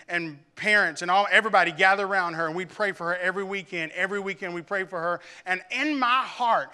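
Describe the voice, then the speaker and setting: A man from Arkansas preaching a sermon in church, telling a personal story and building to loud, emphatic preaching. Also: high-pitched, smooth. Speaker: pastor.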